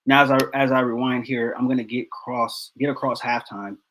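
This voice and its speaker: A man's voice: mid-range voice, fairly even intonation, brisk, a bit bright, rough recording. A man hosting a football film breakdown, talking casually and repeating himself in exasperation.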